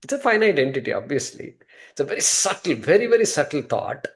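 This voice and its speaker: A man teaching scripture in a slightly high voice, leaning on rhetorical questions that he answers himself. His emphatic high points give way to quiet low asides, and he often restarts his sentences. He explains each point patiently, in plain spoken language. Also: very animated, fast talker. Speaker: Vedanta teacher.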